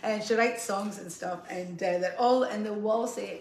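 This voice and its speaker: A woman guest singer chatting quietly between songs, easing away from the mic at times. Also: mid-range voice, normal speed, creaky, reverberant, slight background noise. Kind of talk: casual chat between songs. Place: home kitchen.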